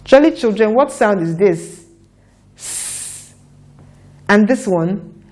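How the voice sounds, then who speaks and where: A woman teaching a children's phonics lesson, sounding out letters and words slowly for young learners to repeat. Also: mid-range voice, lively intonation, a little mellow. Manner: slow, deliberate, repeats sounds for children to echo.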